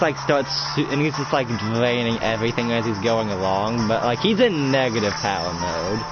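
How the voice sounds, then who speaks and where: A young man narrates a roleplay fight in a rush of excitement, swearing freely and acting out the blows with grunts and cries. His voice climbs and dips, full of energy. The sound is muffled and lo-fi, with music playing clearly behind him. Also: mid-range voice, moderate pace, hardly any pauses. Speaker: roleplay player. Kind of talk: improvised roleplay storytelling.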